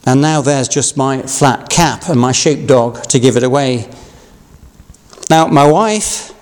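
A man from Yorkshire preaching an Easter sermon, reading scripture and talking in a measured, conversational way with asides. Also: medium pitch, a little mellow, smooth. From Yorkshire, England. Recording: long reverb of a large hall.

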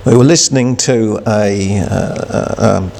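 A male preacher delivers a sermon at an unhurried, deliberate pace. His voice carries a gravelly texture, and he speaks haltingly, often restarting his sentences. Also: on the low side, a little mellow, in a large hall. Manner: slow, halting, many restarts and fillers. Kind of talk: sermon with scripture reading.

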